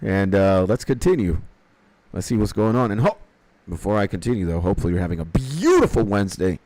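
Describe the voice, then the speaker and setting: A man's voice: fairly low pitch, sing-song, brisk, darkish tone, no echo, poor audio. A young man streaming a game, chatting casually with viewers, swearing freely and reading quest dialogue aloud. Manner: swears casually, greets chat viewers by name.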